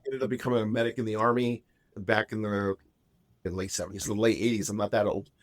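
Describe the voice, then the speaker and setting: A man's voice: on the low side, fairly even intonation, fast talker, no room sound. A man in his fifties, a podcast guest, telling a long personal story in a chatty, rambling way with frequent restarts. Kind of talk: casual storytelling.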